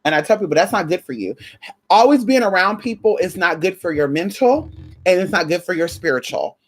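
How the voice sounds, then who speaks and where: A woman chatting casually to camera about spiritual energy. She swears freely and acts out conversations with sudden high jumps in pitch. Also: fairly quick, slightly rough. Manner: animated, profane, acts out quoted exchanges with big pitch jumps. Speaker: spiritual vlogger.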